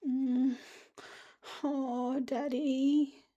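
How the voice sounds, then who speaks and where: A woman voicing her inner child as a sweet, shy little girl in soft baby talk. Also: sits high, little pitch movement, drawn-out words, lo-fi sound, voice pushed up.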